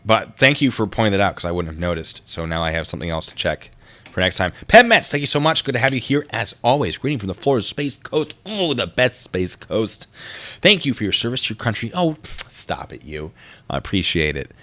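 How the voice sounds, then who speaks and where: A man's voice: lowish voice, big pitch swings, quick pace, bright, forceful tone. A man hosting a casual livestream, rambling and easily distracted as he reads out and answers chat comments.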